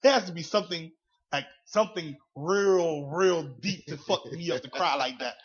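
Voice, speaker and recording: A man's voice: a little high, moderate pace, slightly rough. A man with a Southern US accent co-hosting a casual podcast, talking bluntly and profanely and rambling through stories. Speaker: podcast co-host. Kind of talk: casual storytelling chat. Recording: dull lo-fi audio.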